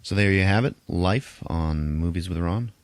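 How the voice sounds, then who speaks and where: A man's voice: deep voice, moderate pace, dry recording. A man co-hosting a podcast, casually recapping a movie plot with lots of swearing. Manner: animated retelling with crude swearing. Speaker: podcast co-host.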